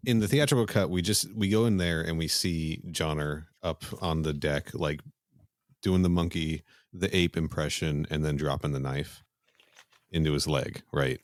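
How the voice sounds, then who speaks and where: A man with a very low, deep voice, co-hosting a casual podcast and walking through film scenes with frequent fillers. The sound is dry and close, with no room echo. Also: fairly even intonation, moderate pace. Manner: chatty, recaps scenes with many fillers. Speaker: podcast co-host.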